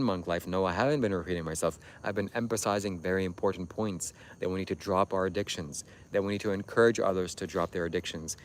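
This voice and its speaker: A man hosting a livestream, talking to his chat in a preachy, insistent, repetitive way. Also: lowish voice. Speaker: livestream host. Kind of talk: livestream monologue addressing chat.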